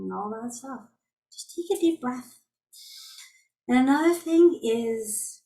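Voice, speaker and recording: A middle-aged woman leading an online group healing call, chatting about everyday frustrations in a gently reassuring, anecdotal way. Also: fairly high pitch. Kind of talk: casual spiritual talk to a group. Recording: voice distant from the mic.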